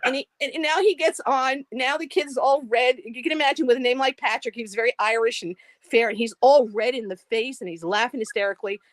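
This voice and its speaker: A middle-aged woman tells a funny story with lots of animation and laughter. Her voice sits high, and the video-call sound is dry with no room echo. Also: fairly quick, few pauses. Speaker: live stream caller.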